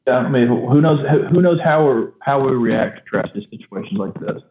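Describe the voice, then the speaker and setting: A man co-hosting a casual film discussion podcast, animated and laughing often. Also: medium pitch, fairly quick, reverberant, a little hiss or hum. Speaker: podcast co-host. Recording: tinny phone-like line.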